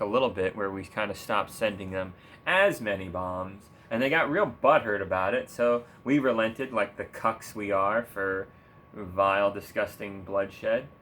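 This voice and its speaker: A man's voice: fairly low pitch, fairly bright tone, a little hiss or hum. Sarcastic, swearing young guy ranting. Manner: sarcastic, profane, rambling, laughs often. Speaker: gaming streamer. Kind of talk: casual political rant while gaming.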